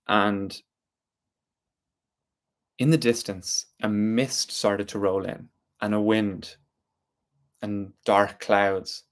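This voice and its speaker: A man telling a story aloud, slow and deliberate with drawn-out pauses. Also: lowish voice. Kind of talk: spoken storytelling.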